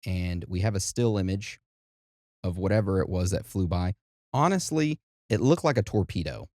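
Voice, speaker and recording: A man's voice: deep voice, lively intonation, normal speed, a little mellow, no echo, clean studio sound. A man co-hosting a podcast, talking in a laid-back, conversational way as he leads each segment. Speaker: podcast co-host. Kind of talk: casual chat.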